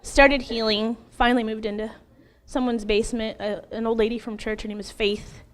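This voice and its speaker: A middle-aged woman in an interview, telling her personal testimony in an emotional, animated way, laughing often and acting out what she once said. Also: a little high, moderate pace. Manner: animated, laughs often, acts out her own past words.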